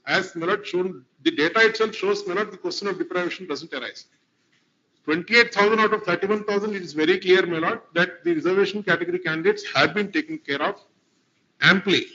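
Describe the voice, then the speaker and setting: Heard through dull lo-fi courtroom audio, this advocate has a high, bright, forceful voice and a fairly quick delivery. He argues formally and deferentially, constantly addressing the bench and often repeating "my lord."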